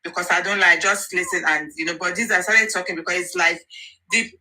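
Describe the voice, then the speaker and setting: A woman's voice: lowish voice, fairly even intonation, fairly quick, bright, forceful tone, low-quality recording. A Nigerian woman speaking earnestly and encouragingly in a casual live audio chat, often repeating herself and slipping into pidgin and Yoruba. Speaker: social media commentator.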